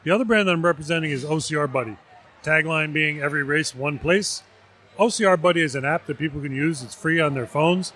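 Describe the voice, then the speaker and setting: A man from New Jersey, representing vendors, explaining things in a measured way. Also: fairly high pitch, fairly bright tone, slight background noise. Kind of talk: casual interview.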